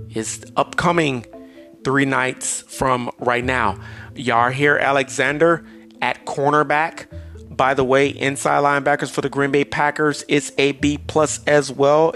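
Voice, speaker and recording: A man's voice: mid-range voice, fairly bright tone. Emphatic male sports podcast host. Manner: emphatic, drawn-out delivery with sudden rushes of stats. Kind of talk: solo sports podcast monologue.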